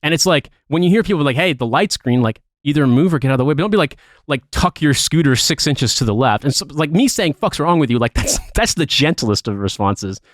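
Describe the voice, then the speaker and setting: Profane, animated American podcast host. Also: male voice, on the high side, a little fast, hardly any pauses, no echo, clean studio sound. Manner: profane, animated storytelling with rants. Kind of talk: casual chat.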